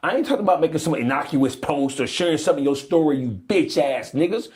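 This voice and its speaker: A man's voice: fairly high pitch, lively intonation, quick pace, a little mellow. A man in a played clip giving heated, profane commentary, calling people out by name. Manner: fiery, profane, calls people out.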